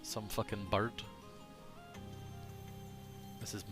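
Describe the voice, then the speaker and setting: A man's voice: fairly low pitch, flat delivery, drawn-out words, over music. A man chatting casually on a live game stream, rambling, self-deprecating and swearing freely, sometimes muttering to himself.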